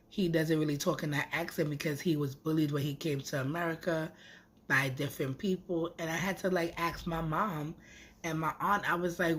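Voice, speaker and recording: A woman talks casually to her camera in a lowish, husky voice. She rambles in a chatty way and throws in lively asides. It is an easygoing vlog monologue. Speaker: vlogger.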